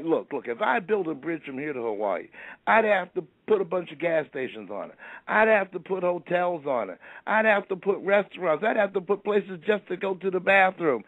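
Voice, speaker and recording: Man as an exasperated, no-nonsense genie; gravelly, dry lo-fi recording. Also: mid-range voice, no room sound, exaggerated voice. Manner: blunt, exasperated. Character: fed-up male genie granting wishes. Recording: dry, phone-like narrow sound.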